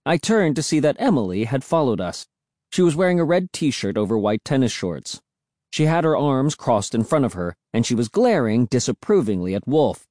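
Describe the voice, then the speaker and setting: A man's voice: mid-range voice, sing-song, normal speed, darkish tone, no room sound, studio quality. A man narrating a first-person story in dramatic audiobook style.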